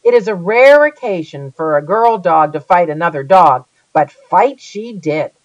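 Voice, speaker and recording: Give me a lively first-person audiobook reader with a dry, slightly dull studio sound. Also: mid-range voice, unhurried, dry recording. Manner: lively, dramatic reading. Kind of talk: first-person storybook narration.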